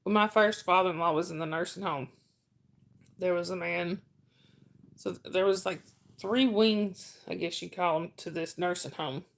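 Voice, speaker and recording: A woman's voice: lowish voice, normal speed, gravelly. A middle-aged woman hosting a casual livestream, telling rambling stories and reading chat names aloud.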